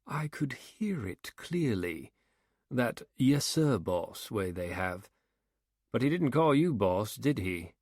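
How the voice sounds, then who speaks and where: A male narrator voicing a fussy, talkative wealthy man with a precise, drawn-out way of speaking. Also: medium pitch, big pitch swings, darkish tone, dry recording, clean studio sound. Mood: musing.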